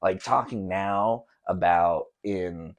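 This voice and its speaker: A young man hosts a solo podcast, telling stories loosely with plenty of slang and swearing. His voice is low-pitched, and he takes things slowly.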